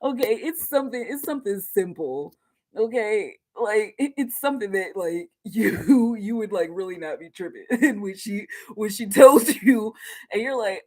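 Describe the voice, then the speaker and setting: Giggly animated woman reading tarot. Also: medium pitch, measured pace. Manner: giggly and animated, lots of fillers. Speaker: tarot reader. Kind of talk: casual live tarot reading.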